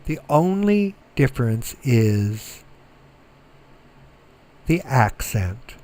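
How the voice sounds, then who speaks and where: A middle-aged man giving a recorded lecture, slow and methodical, repeating words so students can follow. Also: medium pitch, big pitch swings, mellow. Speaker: Greek teacher.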